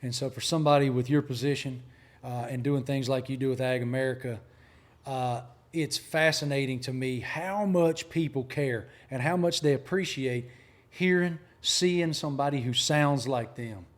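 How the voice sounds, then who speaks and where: Man, southern accent, from appalachian virginia, sports journalist, emphatic, lively storyteller. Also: mid-range voice, moderate pace. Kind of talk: storytelling interview talk.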